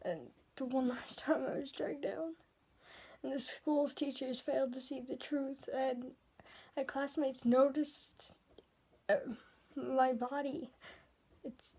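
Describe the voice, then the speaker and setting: High, gravelly woman half-whispering a story. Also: little pitch movement, slow pace, pauses often. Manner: soft and hesitant, often sliding into a whisper. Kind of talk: first-person dramatic story narration.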